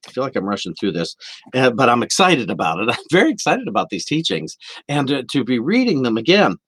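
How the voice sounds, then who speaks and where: A man delivering a sermon as minister to a camera for a livestream, earnest and animated. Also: medium pitch, fairly quick, husky, dry recording. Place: indoor room of a church.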